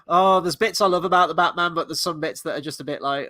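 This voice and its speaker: A man with a fairly high, bright, forceful voice talks through a live awards watchalong. He is chatty and excitable, swearing freely as he reacts. His voice sounds close and dry. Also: quick pace, no room sound. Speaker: livestream host and movie reviewer. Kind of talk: casual live watchalong commentary.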